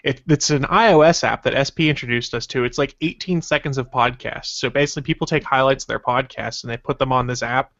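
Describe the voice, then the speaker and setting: A man hosting a casual podcast chat, talking at an everyday pitch with a rambling, self-conscious manner. The audio is dull and lo-fi. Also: quick pace, vocal fry, hardly any pauses, a bit bright. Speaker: podcast host.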